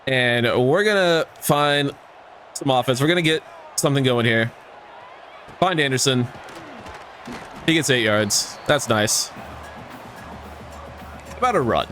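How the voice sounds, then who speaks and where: A man's voice: mid-range voice, unhurried, pauses often, fairly bright tone, faint music behind. A man giving casual gameplay commentary, swearing and ranting at the game with exasperation. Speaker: gaming YouTuber.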